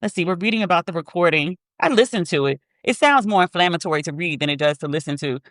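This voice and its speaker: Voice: medium pitch, expressive, fast, a bit bright, no echo. Blunt profane podcast host, dry close sound. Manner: blunt, profane and openly petty. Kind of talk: casual commentary podcast.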